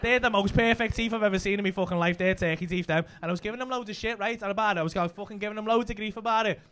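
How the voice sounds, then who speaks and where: A man with a Liverpool accent, a comedian and club host telling stories in casual chat, swearing freely with rapid banter. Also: sits high, a bit bright, slight background noise. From Liverpool, England.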